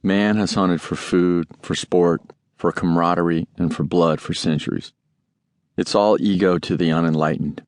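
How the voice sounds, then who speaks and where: Man, memoir narration, deep low voice, measured delivery, dry close sound. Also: steady tone, darkish tone, no room sound. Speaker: audiobook narrator.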